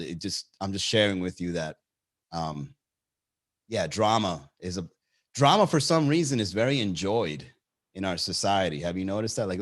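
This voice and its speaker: Rambling, cursing male comedy host. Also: low voice. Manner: rambling, profane, reacts to live chat. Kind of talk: casual comedic riffing.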